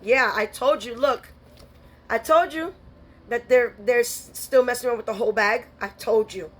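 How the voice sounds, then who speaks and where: A woman's voice: fairly high pitch, normal speed. A woman giving a spiritual tarot reading, blunt and scolding, full of streetwise slang. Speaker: tarot reader.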